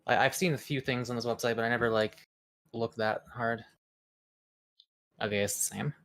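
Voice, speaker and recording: Mid-pitched streamer, casual chat, stammering, swearing, mock anchor reading. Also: fairly even intonation, moderate pace, a bit bright.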